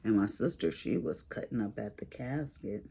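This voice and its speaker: A woman's voice: rumbling low, moderate pace, gravelly, mellow, slightly rough. A woman chatting casually while she does a craft on camera, sassy and rambling as she tells stories. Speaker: crafting vlogger. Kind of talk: casual chat while diamond painting.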